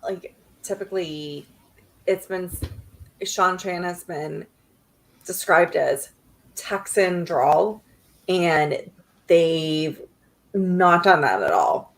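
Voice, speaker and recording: A woman's voice: fairly low pitch, lively intonation, takes it slowly, long pauses, poor audio. A woman guest in a casual livestream chat, blunt and emphatic, laughing easily.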